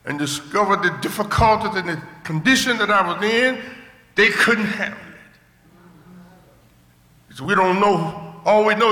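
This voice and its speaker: An older man preaching a sermon testimony, swinging from emphatic shouts to low murmurs, recorded in a church. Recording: echoey hall with long reverb.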